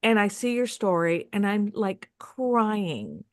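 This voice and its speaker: A woman's voice: medium pitch, very animated, takes it slowly, no room sound, studio quality. A woman moderating a panel, effusive and emotional as she introduces speakers.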